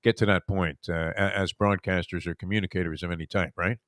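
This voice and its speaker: Rambling low-voiced New man. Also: steady tone, a little fast, a bit bright, dry recording, clean studio sound. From Brooklyn, New York. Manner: rambling, reminiscing storyteller. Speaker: sports talk show host. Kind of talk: casual sports radio chat.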